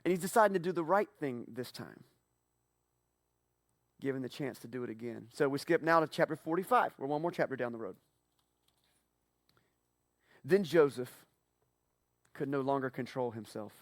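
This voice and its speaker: A man preaching a sermon as pastor, telling the story with animated swings from hushed to loud. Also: mid-range voice, moderate pace, long pauses, no echo, clean studio sound.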